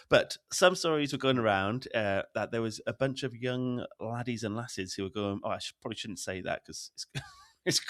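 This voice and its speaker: A man's voice: on the low side, a bit bright, no echo, studio quality. A man from Britain cohosting a casual chat podcast, laughing often and teasing himself. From Great Britain. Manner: giggly, self-deprecating, laughs often. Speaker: podcast co-host.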